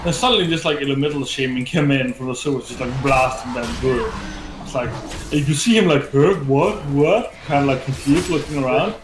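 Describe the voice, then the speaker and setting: A man's voice: medium pitch, fast talker, background noise. A man telling a gaming story in casual chat, rambling and swearing, with lots of filler words. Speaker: gaming streamer. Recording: echoey room with faint game music.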